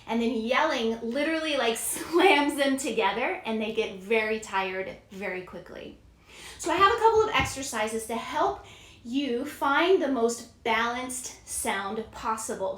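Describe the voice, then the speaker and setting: A woman vocal coach giving a singing lesson, explaining clearly and demonstrating sounds in a friendly way. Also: fairly high pitch, a bit bright. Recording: roomy echo.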